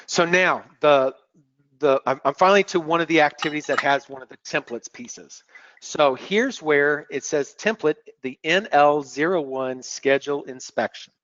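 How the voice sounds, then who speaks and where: A man presenting a software demo on a screen-share webinar, explaining step by step in a relaxed way and often repeating words as he clicks. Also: fairly high pitch, normal speed, no echo. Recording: dull lo-fi webinar audio.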